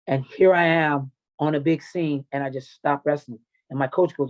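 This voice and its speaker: A middle-aged man with a fairly high voice recounts his past in a blunt, profane, emotional way. The audio is dull and lo-fi, like a basic podcast recording. He speaks as a coach looking back on his youth. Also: fairly even intonation, normal speed, darkish tone. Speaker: podcast guest, wrestling and MMA coach. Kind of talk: candid personal storytelling.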